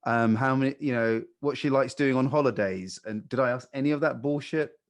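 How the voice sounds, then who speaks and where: A man coaching new hires on sales calls, calm and blunt, swearing casually. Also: mid-range voice, a little fast. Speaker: sales trainer.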